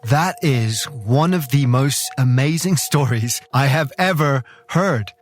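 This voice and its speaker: A man's voice: mid-range voice, takes it slowly, soft background music. A male podcast host giving scripted narration in an enthusiastic, conversational way.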